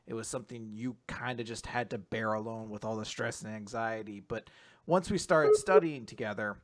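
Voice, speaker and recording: A man hosting a podcast, recapping comic chapters in loose, animated casual chat with lots of fillers and the odd swear word. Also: lowish voice. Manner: loose, animated retelling with quick voices. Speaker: podcast host.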